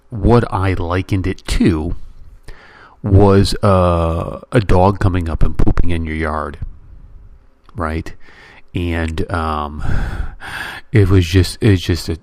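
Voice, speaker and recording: Deep-voiced man ranting about bad movies. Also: a little mellow, dry recording. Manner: blunt and exasperated, lots of fillers and restarts; builds into vivid exaggerated comparisons. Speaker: podcast host. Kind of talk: casual movie-review rant.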